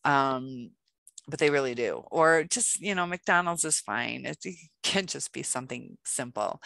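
A woman talks casually to camera in a self-help video, her voice low-pitched yet bright and forceful. She rambles loosely with plenty of fillers and slips into little acted-out exchanges. The sound is dry and close, with no room around it. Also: animated, a little slow, gravelly, dry recording. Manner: loose and chatty, many fillers, acts out little quoted exchanges.

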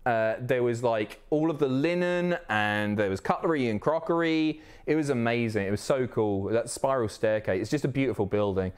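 A man from the Isle of Wight, chatting casually and excitably on a live stream, swearing often. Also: mid-range voice, moderate pace, few pauses, smooth. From Isle of Wight, England. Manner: excitable, sweary, reads chat aloud.

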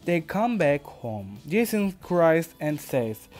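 A man with a Turkish accent, a podcast host, reads his own story aloud carefully and deliberately for English learners, now and then correcting himself. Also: on the high side, very animated, a little mellow, soft background music. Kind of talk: slow read-aloud narration for English learners.

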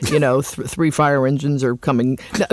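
A middle-aged woman hosting a podcast, telling a story in a lively, animated way and laughing often. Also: very deep voice, moderate pace, no room sound. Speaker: podcast host. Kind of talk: casual chat.

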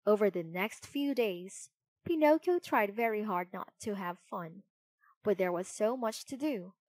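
A woman narrating a children's storybook in an expressive, unhurried way. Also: mid-range voice, dry recording.

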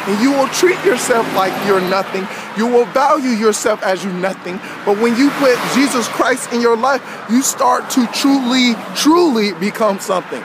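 A man's voice: very high voice, animated, moderate pace, hardly any pauses. A man giving a casual, conversational sermon, constantly checking in with his listeners as he preaches. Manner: conversational, peppered with "you know what I'm saying". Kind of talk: informal street-style sermon. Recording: outdoor traffic noise behind voice.

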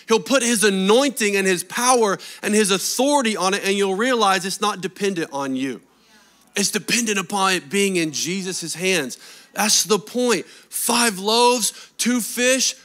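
A man delivering a sermon with a high-pitched, sharp and forceful voice. He preaches with energy and pushes his listeners with rhetorical questions. His delivery is animated. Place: church service.

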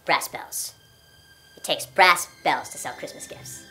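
A woman's voice: a little high, lively intonation, normal speed, pushed and bright, soft background music. A woman playing a brash, bullying male sales boss. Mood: berating. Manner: berating, profane, swaggering. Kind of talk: amateur comedy parody acting.

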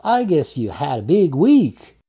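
A man's voice: on the high side, sing-song, unhurried, dark tone, husky, pitched above the performer's own voice, exaggerated voice. A man voicing a flirtatious French neighbour woman. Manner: teasing, seductive.

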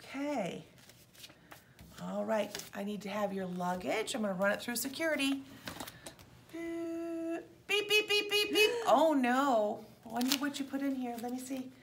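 A woman preschool teacher runs a playful make-believe flight for her class, with a high, sing-song voice. She is heard from some distance in an echoey classroom. Steady background noise runs underneath. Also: moderate pace, vocal fry. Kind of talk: classroom pretend-play as airline staff and pilot.

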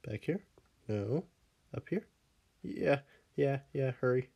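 A man's voice: medium pitch, lively intonation, takes it slowly, creaky, breathy edge, lo-fi sound. A man casually commenting on his game as he plays, laughing often and scolding his pet dog in the game before fussing over him. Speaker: Minecraft let's player.

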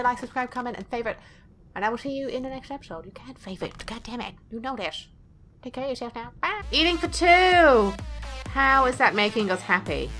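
A woman's voice: a little high, sharp tone. A woman hosting a let's play, giving casual gameplay commentary with blunt, profane jokes and frequent giggling.

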